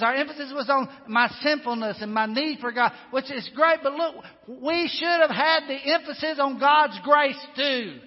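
A man preaching a sermon to his church in an earnest, emphatic way, often repeating words as he presses a point. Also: extremely high pitch. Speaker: pastor. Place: church sanctuary. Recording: dull sound with long hall reverb.

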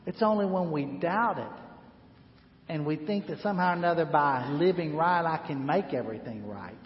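A man in his sixties preaches, his voice pitched high for a man. He leads the congregation in call-and-response and builds his stories with rising emphasis. The recording is dull and washed in long hall reverb. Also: expressive, moderate pace. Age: 60s. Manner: call-and-response, leading the congregation in repeated phrases. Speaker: pastor. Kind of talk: sermon. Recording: roomy hall reverb, slightly dull sound.

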